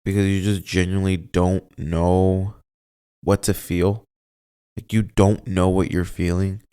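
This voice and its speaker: A man's voice: sits low, flat delivery, a little slow, mellow, clean tone. A man hosting his own show alone, rambling and searching for words, a little emotional with a slightly off voice. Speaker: podcast host. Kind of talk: casual solo monologue.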